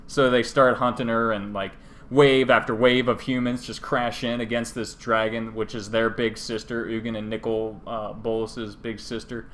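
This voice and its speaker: A man's voice: mid-range voice, steady tone, moderate pace, a bit bright. A man co-hosting a casual podcast, retelling a story in a joking, rambling way and dropping into silly voices. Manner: jokey, rambling retelling with put-on character voices. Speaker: podcast co-host.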